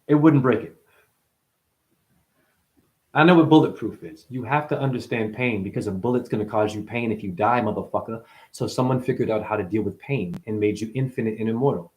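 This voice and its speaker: A man in chronic pain delivering a rambling, free-associating spiritual monologue, swearing often and swinging between loud outbursts and low mutters. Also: lively intonation, a little fast. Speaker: spiritual talker.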